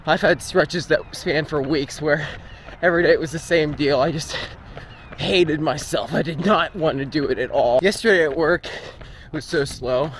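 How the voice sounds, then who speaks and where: A young man with a rather high voice chats freely to his handheld camera while jogging down the road. He talks casually, like a running diary. Faint outdoor noise and passing vehicles sit underneath his voice. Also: normal speed. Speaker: vlogger training for a marathon.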